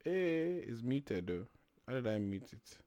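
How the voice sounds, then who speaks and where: A young man hosting a casual talk show, laid-back and animated, with plenty of slang and fillers. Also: mid-range voice, a little slow, no room sound. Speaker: podcast host. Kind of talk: casual chat.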